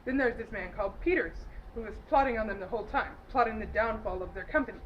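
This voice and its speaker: A woman's voice: fairly high pitch, quick pace. Woman giggling through a rambling movie recap. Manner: giggly, loose, with frequent fillers and self-corrections. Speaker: movie reviewer. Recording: dull lo-fi home recording with faint noise.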